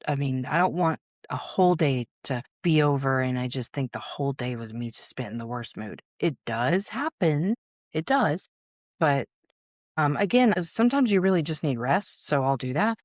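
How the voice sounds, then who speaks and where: A woman's voice: low voice, lively intonation, moderate pace, no echo, studio quality. A woman hosting a solo podcast, talking candidly and casually, with the odd swear word. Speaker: podcast host.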